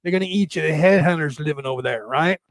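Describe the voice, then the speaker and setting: A man's voice: fairly high pitch, no room sound, voice pushed down, natural voice. A man putting on a drawling Southern gas station man. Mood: teasing. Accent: Southern US (put on). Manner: drawling, slow, mocking. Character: sly country gas station man giving directions.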